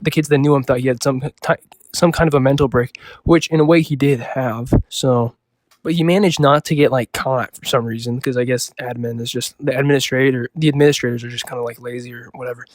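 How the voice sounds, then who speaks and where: A young man spins a loose, improvised story in a mid-pitched voice, leaning constantly on "like" and "you know." The sound is dry and close, with no room echo. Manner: rambling, full of "like" and "you know" fillers, loose and offhand.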